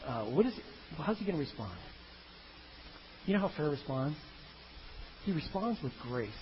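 A man delivers a sermon with a bright, high voice that swings widely as he jokes through the story. The recording is dull and lo-fi, with a faint hiss underneath. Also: moderate pace. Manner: animated, comic, acts out biblical characters in funny voices. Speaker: pastor.

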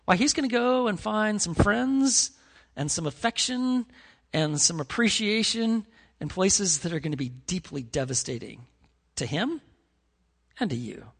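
A man delivers a sermon in an earnest, conversational way, often restarting his phrases. His voice sits high for a man. It rings with the long reverb of a church sanctuary. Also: very animated, measured pace, vocal fry, fairly bright tone. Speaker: pastor.

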